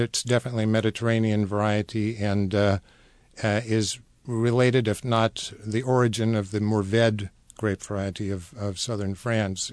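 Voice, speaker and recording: Low-voiced man explaining wines on radio. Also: clean tone, dry recording. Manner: knowledgeable, measured, many fillers. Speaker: wine importer guest. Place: radio studio.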